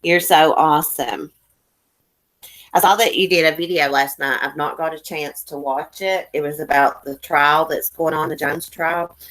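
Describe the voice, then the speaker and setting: Woman, live stream host, folksy and chatty, lowish voice. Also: steady tone, moderate pace, a bit bright. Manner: chatty, folksy, addresses chat viewers by name. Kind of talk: casual live stream chat.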